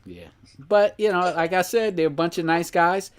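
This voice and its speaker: A man hosting a podcast in relaxed casual chat, rambling and laughing often. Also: high voice, moderate pace, clear, resonant tone. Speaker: podcast host.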